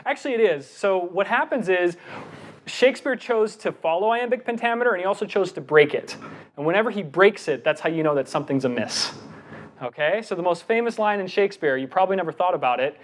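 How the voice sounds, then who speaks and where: A middle-aged man presenting a lecture on giving talks, animated, reciting verse with deliberate breaths. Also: high-pitched.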